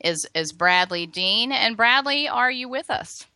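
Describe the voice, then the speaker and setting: A woman's voice: on the high side, animated, a little slow, pushed and bright, clear, resonant tone, no echo. A woman hosting a talk radio show in a studio, chatty and indignant, with frequent restarts.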